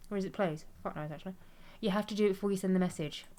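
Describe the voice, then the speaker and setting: Talking very fast in a mid-range, slightly mellow voice, a young woman streams a game and reads chat aloud. She's chatty and rambling, often laughing at her own expense.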